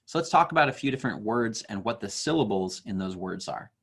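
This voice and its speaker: A young man teaching an online class for kids, explaining slowly and patiently with fillers. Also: on the low side, lively intonation, a bit bright.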